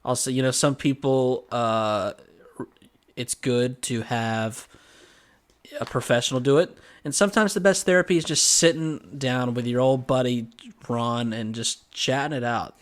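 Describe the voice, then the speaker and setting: A man's voice: medium pitch, fairly even intonation, measured pace. A man co-hosting a casual podcast, teasing his partner with dry joking asides. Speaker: podcast co-host. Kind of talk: casual chat.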